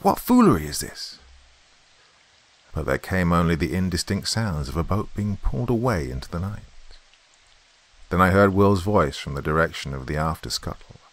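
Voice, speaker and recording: A man hosting a horror podcast, reading a classic tale in a measured, suspenseful way. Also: deep voice, animated, no echo. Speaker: horror story podcast host. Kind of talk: dramatic story reading.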